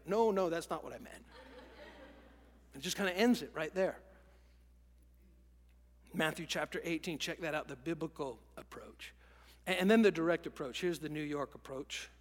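A man preaching a sermon in an animated way, acting out quoted lines and dropping to a whisper for emphasis. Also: fairly high pitch, normal speed, long pauses, big-room sound. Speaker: pastor.

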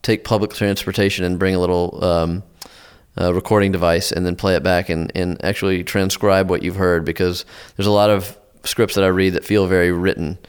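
Un cinéaste parle de l'écriture de scénarios lors d'une conférence. Il cherche ses mots et reprend souvent ses phrases, avec une voix très grave et lisse. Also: male voice, sits low, level tone, smooth. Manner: thoughtful, halting, with restarts. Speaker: filmmaker giving advice. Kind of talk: lecture talk.

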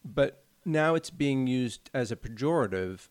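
Man, podcast co-host, earnest explainer, medium pitch, dry unechoing sound. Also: expressive, unhurried, dry recording. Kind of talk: casual chat.

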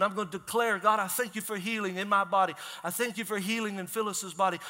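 A man preaching as a pastor in a church, energetic and conversational, asking the congregation questions. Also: high-pitched. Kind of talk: sermon. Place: church sanctuary. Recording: long hall reverb.

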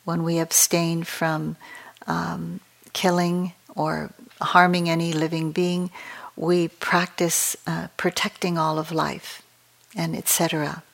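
A woman meditation teacher giving a dharma talk at a retreat, speaking in a calm, measured and reflective way. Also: lowish voice, gravelly.

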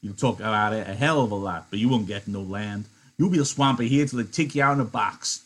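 A man's voice: on the low side, brisk, close to an everyday voice. A man reading the part of a bitter stable hand, blunt and scornful.

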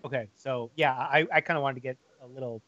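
A man's voice: mid-range voice, steady tone, bright, forceful tone, no echo. Male co-host, easygoing and jokey, average voice, dry lo-fi recording. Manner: joking, laughs often, halting restarts. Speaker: podcast co-host. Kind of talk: casual chat. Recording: dull lo-fi sound.

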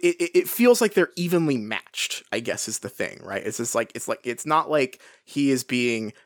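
Hesitant man chatting in a dry room. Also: dry recording. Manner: hesitant, many restarts, animated pitch swings. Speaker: podcast co-host. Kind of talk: casual book discussion.

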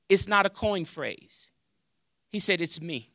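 A man preaching a sermon as pastor, animated and playful, acting out his talks with God and joking with the congregation on a handheld mic. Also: sits high, slow, pauses often, no echo, studio quality.

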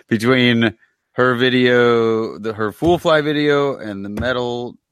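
A man's voice: medium pitch, slow pace, a bit bright, smooth, no room sound. A man co-hosting a casual podcast, tossing out playful, whimsical musings. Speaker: podcast co-host. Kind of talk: casual chat.

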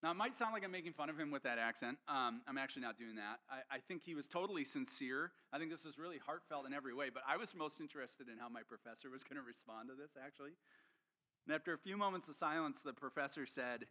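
A man's voice: mid-range voice, lively intonation, quick pace, sharp tone. A man pastor preaching a sermon in an earnest, emphatic teaching manner.

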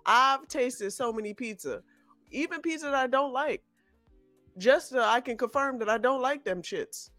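A woman's voice: high-pitched, normal speed, no room sound, faint music behind. A woman from the Chicago area, chatting casually as a podcast co-host in an emphatic, slangy way. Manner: animated, slangy, emphatic storytelling.

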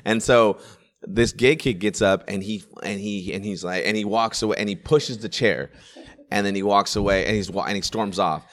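A man who works as a stand-up comedian, telling a story in casual chat, animated and full of restarts. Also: fairly low pitch, normal speed. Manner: animated, acts out quoted voices, many restarts and laughs.

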